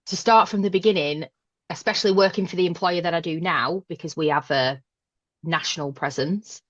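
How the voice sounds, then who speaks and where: A frank, self-deprecating woman from Burnley, Lancashire, with a broad local accent, chats casually as a podcast guest; she works as a manager. Her voice sits on the low side and moves fairly quickly, and the recording is dry and dull.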